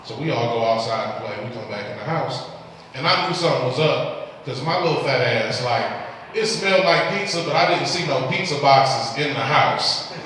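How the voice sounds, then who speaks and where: A man's voice: medium pitch, animated, moderate pace, a bit bright, distant mic, slight background noise. A young man from Detroit with a Detroit accent, telling loose stand-up stories with exasperated quoted voices. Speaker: stand-up comedian. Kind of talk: stand-up set. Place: live comedy club stage. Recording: echoey hall recorded from afar. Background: audience laughter.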